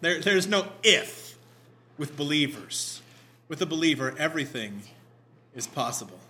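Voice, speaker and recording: A man leading a prayer, reading scripture aloud and preaching in a conversational, animated way with self-deprecating asides. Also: on the high side, a little slow, a little hiss or hum. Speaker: pastor.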